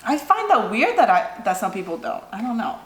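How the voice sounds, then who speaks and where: Young woman vlogger, casual Q&A, fairly high voice, chatty and rambling, roomy echo. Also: big pitch swings, fairly quick. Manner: chatty, lots of "like" and "you know". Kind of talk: casual Q&A chat. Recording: echoey room.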